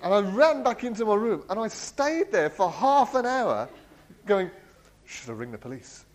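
Animated man telling a story. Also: high-pitched, moderate pace, noisy background. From England. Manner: animated, laughs often, acts out quoted voices. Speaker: speaker sharing a personal testimony. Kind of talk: storytelling talk.

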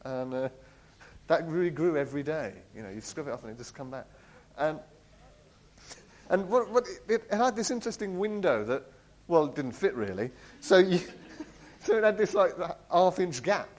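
Animated man telling a story. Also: fairly high pitch, normal speed, rough recording. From England. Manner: animated, laughs often, acts out quoted voices. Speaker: speaker sharing a personal testimony. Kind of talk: storytelling talk.

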